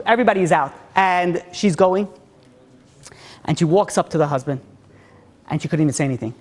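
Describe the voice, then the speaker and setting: A man's voice: a little high, fairly quick, pauses often. A man, a rabbi, telling a story to an audience, acting out the characters with frequent restarts. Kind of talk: storytelling talk.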